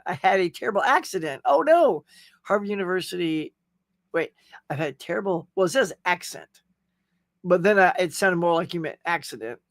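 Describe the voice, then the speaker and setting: Here a middle-aged Southern US man casually runs a live stream, reading comments, greeting viewers by name, and laughing often. His voice sits high with a sharp tone, captured in a dry recording.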